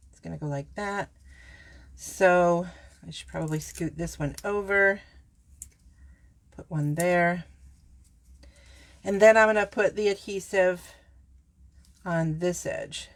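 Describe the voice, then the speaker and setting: A woman's voice: fairly low pitch, slow, long pauses. A woman giving a casual card-making tutorial, chatty and self-correcting, talking straight to her viewers as she works. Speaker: papercraft demonstrator.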